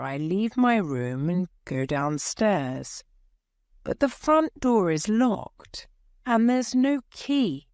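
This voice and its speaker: A woman narrating a graded reader story in slow, clear audiobook style. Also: fairly low pitch, darkish tone, no echo, clean studio sound.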